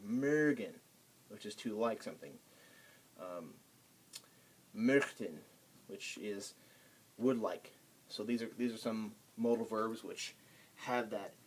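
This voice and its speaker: A man giving a casual pronunciation lesson, halting with many ums and restarts. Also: fairly low pitch, a little mellow. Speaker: language tutor.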